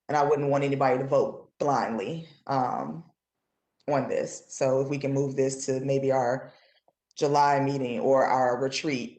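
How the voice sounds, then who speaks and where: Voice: mid-range voice, a little mellow, roomy sound. The chair of a transit board running a public meeting, polite and procedural.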